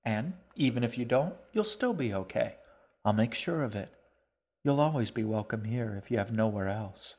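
A man voicing a gentle, talkative young queen in a storybook reading, speaking in a sing-song, fond way. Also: mid-range voice, expressive, moderate pace.

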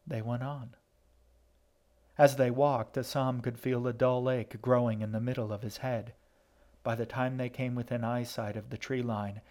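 Guy reading an audiobook, mid-pitched voice, steady storyteller pace. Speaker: narrator. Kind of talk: audiobook narration.

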